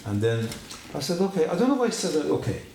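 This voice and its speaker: A man giving his personal testimony at a church, telling his story in an animated way and acting out the dialogue. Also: a little high, quick pace, a little hiss or hum. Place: church hall. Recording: echoey room.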